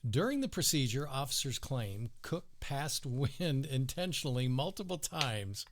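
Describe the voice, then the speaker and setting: A man's voice: medium pitch, big pitch swings. Laid-back man, chuckling podcast co-host. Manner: laid-back, chuckles often, drawn-out storytelling. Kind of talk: casual chat, reading news stories aloud.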